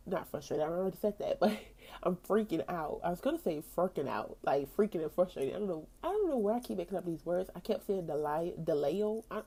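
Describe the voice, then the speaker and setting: Animated woman telling a faith story. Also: fairly low pitch, breathy edge. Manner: animated storytelling, acting out her own past thoughts; casual, slangy, with frequent "like" and laughs. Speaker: podcast host. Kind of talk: faith podcast talk.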